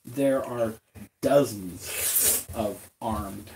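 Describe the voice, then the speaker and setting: A man running a tabletop game as game master, describing scenes with pauses, fillers and repeated words. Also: fairly low pitch, creaky, noisy background.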